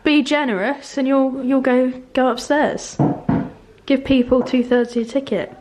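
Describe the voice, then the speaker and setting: A woman's voice: sits high, fairly even intonation, a little slow, background noise. A woman chatting playfully and casually off camera. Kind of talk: casual chat.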